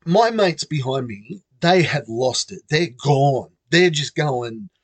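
Brief: Australian man, lively up-and-down storyteller, chuckles often, dry close sound. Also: medium pitch, slow, dry recording. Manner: animated, laughing between phrases. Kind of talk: comic personal anecdote.

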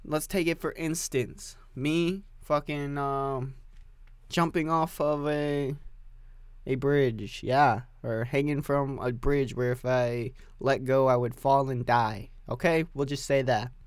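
Young man, solo podcast, rambling and profane, offhand, dry close sound, middle pitch. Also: smooth, no room sound. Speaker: podcast host. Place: home music recording setup.

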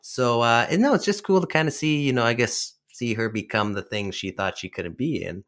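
A man's voice: medium pitch, fairly quick, a bit bright. A man co-hosting a casual film podcast, talking loosely with many fillers. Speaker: podcast co-host.

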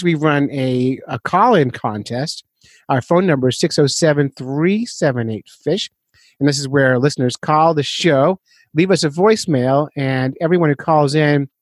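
A man's voice: fairly high pitch, no room sound. A man hosting a fishing podcast in a casual, rambling, self-deprecating way, laughing often. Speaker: podcast host.

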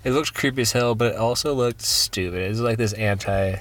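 A man's voice: medium pitch, a little fast, a bit bright. A man hosting a podcast in casual chat, rambling, laughing and trailing off mid-sentence. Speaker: podcast host.

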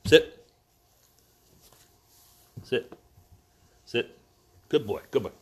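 Man vlogger cooing at his puppy, sing-song, slow unhurried delivery, pitch leaping high and low. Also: sing-song, husky. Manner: doting, sing-song dog talk; commands the dog in short words. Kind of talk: casual vlog, talking to his new puppy.

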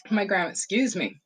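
A woman's voice: mid-range voice, husky, low-quality recording. A woman casually telling a nostalgic family story, rambling with lots of fillers and laughs. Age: adult. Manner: fond, nostalgic recollection.

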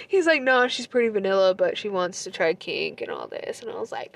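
A woman's voice: medium pitch, lively intonation, a little fast, gravelly, few pauses, no room sound. Young woman venting about her ex, cussing, emotional, close to crying, dry room. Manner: emotional, swears a lot, laughs through tears. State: close to tears. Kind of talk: casual confessional storytime.

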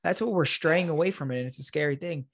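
A man's voice: fairly high pitch, fast, dry recording. A man with a New York accent co-hosting a casual podcast chat, crude and joking. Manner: crude, joking, deadpan banter. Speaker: podcast co-host.

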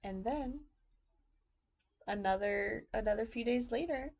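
A young woman with a fairly high voice co-hosts a casual podcast. She tells a crime story with sarcastic asides. She loudly acts out the people she quotes. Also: a little slow, breathy edge. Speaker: podcast co-host telling a true crime story.

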